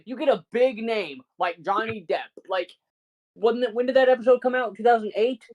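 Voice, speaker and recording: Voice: mid-range voice, normal speed, lo-fi sound. A podcast co-host ranting in casual chat, swearing constantly and sounding incredulous.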